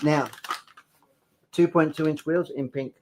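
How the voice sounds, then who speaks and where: A man's voice: fairly high pitch, fairly even intonation, slow, noisy background. A young man with a playful, enthusiastic manner, presenting hobby products in a casual chat.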